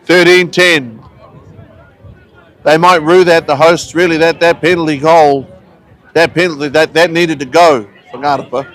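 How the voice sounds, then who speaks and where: A man giving relaxed, chatty live commentary on a local rugby match, with friendly asides between the plays. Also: fairly high pitch, measured pace, pauses often, a faint crowd, rough recording. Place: outdoors at a rugby ground.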